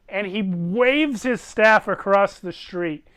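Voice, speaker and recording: Bright, clear-voiced game master. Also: male voice, sits high, takes it slowly. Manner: vivid, descriptive storytelling. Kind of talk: narrating a tabletop game. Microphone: online voice call.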